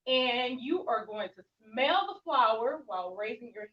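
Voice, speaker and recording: A woman's voice: on the high side, animated, measured pace, few pauses. A young woman leading a children's yoga class, playful and encouraging, with sing-song prompts. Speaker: kids yoga teacher. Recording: muffled sound, distant from the mic.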